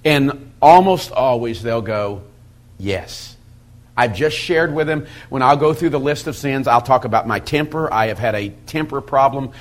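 A middle-aged man teaching as a pastor, folksy and animated, acting out quoted asides. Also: mid-range voice, moderate pace, few pauses. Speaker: pastor teaching a Bible study method. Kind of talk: sermon-style teaching talk.

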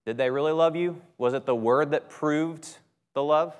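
A man's voice: a little high, moderate pace, clear, resonant tone. A man who is a minister preaching a sermon in a chatty, conversational way, punching key words and often checking in with "right?". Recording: long hall reverb.

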